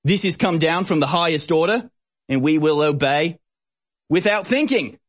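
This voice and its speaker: Man putting on a blustering police officer, raised pitch, mocking threats, heavy-handed. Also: fairly even intonation, brisk, slightly rough, close to an everyday voice. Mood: mocking menace.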